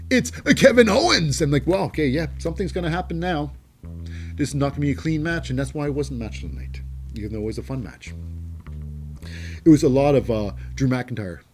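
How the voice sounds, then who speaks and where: A man's voice: medium pitch, mellow. A man hosting a wrestling show, giving a casual, rambling recap with many fillers and restarts.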